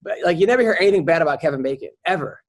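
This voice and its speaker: A man's voice: fairly high pitch, expressive, racing. A man hosting a podcast, chatting casually and rambling through stories with frequent restarts. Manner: rambling storyteller with many restarts. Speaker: podcast host. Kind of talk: casual chat.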